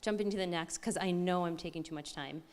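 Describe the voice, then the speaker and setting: A woman speaks at a tech conference with a slightly low, excited voice. She talks in a chatty way and often stops to correct herself. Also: fast. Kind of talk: live conference talk.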